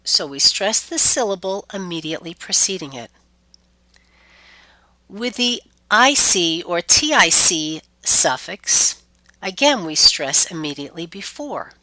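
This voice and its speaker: A woman teaching pronunciation in a clear, deliberate scripted lesson, stretching out example words. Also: on the low side, big pitch swings, bright, forceful tone, no room sound.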